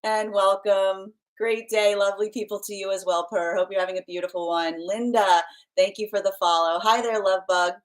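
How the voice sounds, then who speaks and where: A woman's voice: medium pitch, moderate pace, low-quality recording. Chatty woman hosting a tarot livestream. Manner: chatty and animated, laughs often, reads out viewer comments; motherly, playfully stern. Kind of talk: casual livestream chat.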